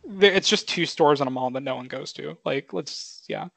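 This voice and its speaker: A young man chatting on a movie podcast, his voice sitting a bit higher than most men's. He rambles through stories with plenty of fillers and the odd swear. The close mic sounds dry with no room around it. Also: moderate pace, creaky, a bit bright, dry recording. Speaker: podcast co-host. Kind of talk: casual movie podcast chat.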